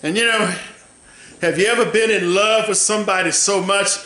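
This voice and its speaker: Male preacher, bright and ringing, slow and deliberate, builds to shouted call-and-response peaks in a reverberant sanctuary. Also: sits high. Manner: drawn-out, emphatic phrasing. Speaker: pastor. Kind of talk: sermon. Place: church sanctuary. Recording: echoey church room.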